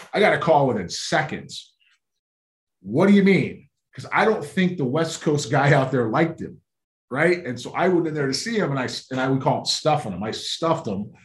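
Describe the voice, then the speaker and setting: A man, a former baseball scout, telling stories in casual chat and acting out the voices of people he talked to. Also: mid-range voice. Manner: animated storyteller acting out phone calls. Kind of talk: casual storytelling.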